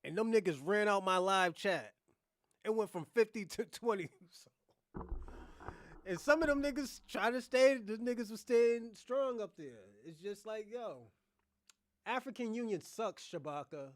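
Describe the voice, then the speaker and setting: A man with a high voice rants through a casual livestream commentary. He is blunt, profane and rambling. The sound is dry and close, with no room echo. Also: a little slow. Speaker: host of a reaction livestream.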